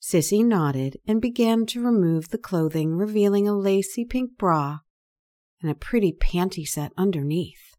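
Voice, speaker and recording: Slow, deliberate woman storyteller. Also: medium pitch, lively intonation, mellow. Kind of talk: erotic story narration.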